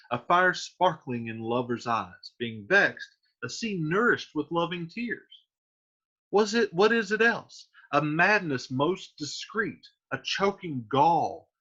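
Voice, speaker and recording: A man's voice: on the high side, sharp tone, breathy edge, lo-fi sound, full character voice. A man reading Romeo, lovesick and brooding. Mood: sorrowful. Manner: declaiming Shakespearean verse. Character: lovesick young male Romeo, brooding and dramatic.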